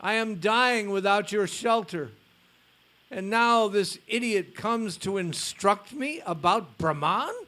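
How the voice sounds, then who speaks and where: A man voicing an aged male guru who cries out in grief and rage, speaking louder and higher than his reading voice. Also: big pitch swings, slow, hardly any pauses, breathy edge, full character voice. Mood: lamenting. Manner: crying out, lamenting, louder and higher.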